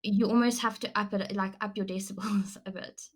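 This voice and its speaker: A young woman with a South African accent, co-hosting a podcast in casual, animated chat. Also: medium pitch, moderate pace, husky. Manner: chatty, animated, laughs often. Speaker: podcast co-host.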